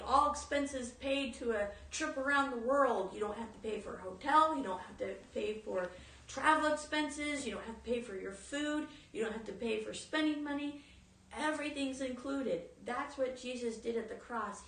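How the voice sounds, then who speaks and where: A woman's voice: fairly high pitch, fairly bright tone. A woman giving an informal sermon, earnest and storytelling. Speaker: speaker in a teaching talk. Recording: echoey room, mic at a distance.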